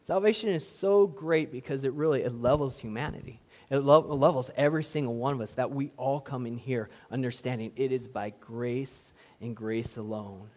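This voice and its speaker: A man preaching a sermon to a congregation, swinging from quiet, reflective passages to loud, emphatic ones. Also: medium pitch. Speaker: pastor. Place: church hall with audience. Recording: long reverb of a large hall.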